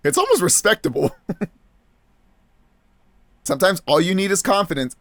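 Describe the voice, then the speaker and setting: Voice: medium pitch, no room sound. A let's play gamer giving casual, chatty game commentary with a self-mocking manner.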